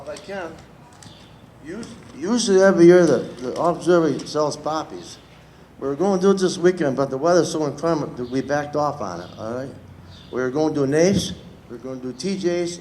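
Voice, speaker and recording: A man serving as a veterans' post commander, giving an unscripted ceremony speech and reading a poem. He talks haltingly and gets choked up. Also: mid-range voice, a little mellow, slight background noise. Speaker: American Legion post commander. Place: outdoor public ceremony.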